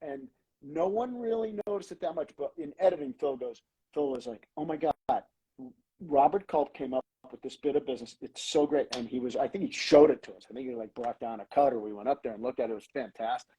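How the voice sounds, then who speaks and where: A man, a comedy writer, telling behind-the-scenes stories in a lively way, acting out lines as he goes. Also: mid-range voice, brisk, slightly rough, rough recording. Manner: animated, acts out lines in quoted voices. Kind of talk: anecdotal storytelling.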